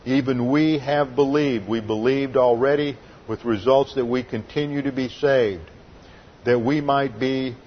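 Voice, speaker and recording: A man's voice: mid-range voice, lo-fi sound, a little hiss or hum. A man preaching an expository sermon, explaining Bible verses and Greek grammar in a methodical, teaching manner. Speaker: pastor teaching a Bible study.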